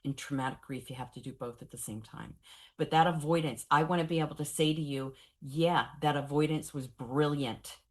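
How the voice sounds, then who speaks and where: Low-voiced woman giving a candid trauma lecture. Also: fast. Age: 40s. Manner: candid, animated storytelling with wry humor. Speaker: trauma and grief trainer. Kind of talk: professional training lecture.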